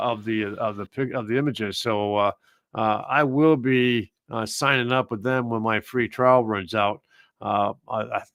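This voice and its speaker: A man with a mid-range voice, recorded without echo, hosts a live stream in casual chat. His talk rambles, packed with fillers and restarts.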